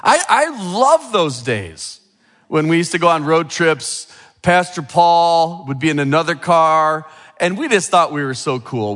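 A man's voice: fairly high pitch, fairly bright tone, long reverb tail. A middle-aged male pastor giving a sermon with a children's object lesson, chatty and full of questions to the room. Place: church sanctuary.

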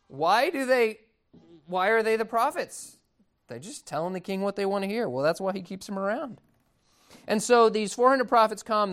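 A man's voice: high-pitched, a bit bright. A man preaching a sermon in a conversational, amused storytelling manner.

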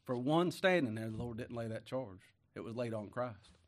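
A man preaching a sermon, folksy and emphatic, rising to loud declamation when he reads scripture. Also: mid-range voice, expressive, normal speed.

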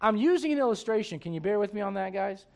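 A man preaching a sermon as pastor of a church, emphatic and swinging between loud bursts and low asides. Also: lively intonation, fast talker, gravelly.

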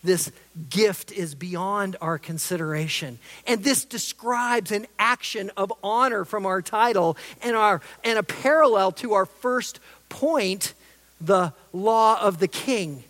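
A preacher giving an expository sermon, emphatic, swinging between loud stresses and soft asides. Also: medium pitch, slow. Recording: long reverb of a large hall.

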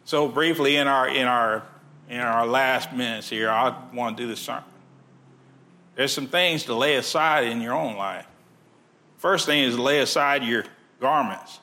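A male pastor with a bright, forward voice delivers a sermon in an easy, conversational way. He talks straight to the congregation and sometimes drops his voice almost to a whisper. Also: mid-range voice, unhurried. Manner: conversational preaching, drops to near-whisper at times.

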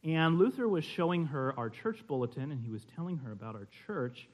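A man's voice: fairly high pitch, expressive, brisk. Conversational man lecturing a class. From California. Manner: conversational, tells stories, checks in with "okay?". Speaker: teacher. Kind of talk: classroom lecture on church history.

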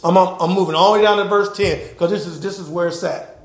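A man preaching a sermon as pastor. He swings from loud to hushed and laughs as he preaches. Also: high voice, steady tone, quick pace, reverberant. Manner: laughs while preaching, acts out quoted voices.

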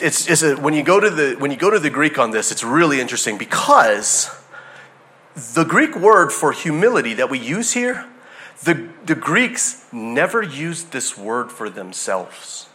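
Lively, bright-voiced male preacher. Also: mid-range voice. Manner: storytelling, acts out quoted voices, laughs often. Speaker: pastor. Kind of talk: sermon.

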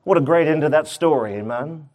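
A man's voice: on the high side, brisk. A man preaching a sermon, retelling a Bible story and acting out its characters' voices. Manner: acts out the story's voices with rising excitement. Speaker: pastor.

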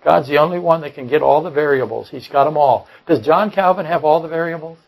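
Older man, pastor, sermon, blunt, emphatic, husky, slightly high-pitched. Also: brisk, muffled recording. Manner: repeats and restarts phrases. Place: church service.

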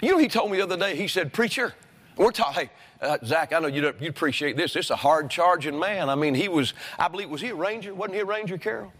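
Man, pastor, sermon, high voice, emphatic, rhetorical questions, reverberant church hall. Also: fast talker, a bit bright. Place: church sanctuary.

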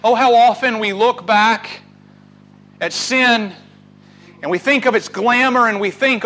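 A man preaching a sermon, swinging from loud urging to hushed, drawn-out words. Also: very high voice, rough recording. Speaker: pastor.

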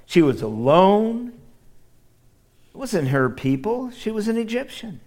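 A middle-aged male pastor from the Midwest preaching a sermon, addressing his congregation directly and moving from loud emphasis to hushed near-whispers. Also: high-pitched, big pitch swings, a little slow, long pauses. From American Midwest.

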